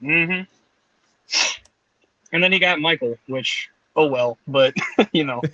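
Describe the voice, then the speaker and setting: A man's voice: fairly high pitch, slow pace, pushed and bright, no echo, highs cut off. A young man calling in from a campsite, chatting easily, swearing casually and laughing at his own jokes. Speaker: guest on a call. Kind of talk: casual chat. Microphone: online call.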